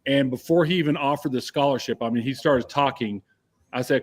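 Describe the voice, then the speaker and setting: A man's voice: medium pitch, fairly even intonation, a little fast, a little hiss or hum. Laid-back man telling a memory. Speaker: former college football player. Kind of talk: casual reminiscing.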